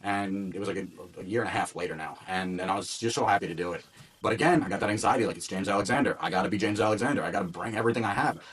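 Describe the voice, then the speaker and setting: A wrestling ring announcer appears as a guest on an interview podcast, telling stories in a casual, animated way. He acts out quotes and restarts often. His voice sits low, and the mic is distant.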